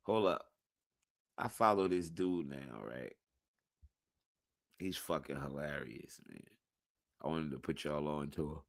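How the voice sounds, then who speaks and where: A man's voice: very deep voice, a little slow, creaky, long pauses, dry recording, studio quality. A man hosting a reaction video, chatting casually and profanely to his viewers with laid-back asides.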